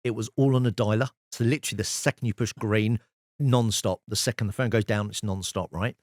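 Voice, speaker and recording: A man, a sales expert guest telling lively anecdotes in an interview. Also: on the low side, fairly quick, no echo, clean studio sound. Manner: lively storyteller, animated anecdotes. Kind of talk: casual storytelling interview.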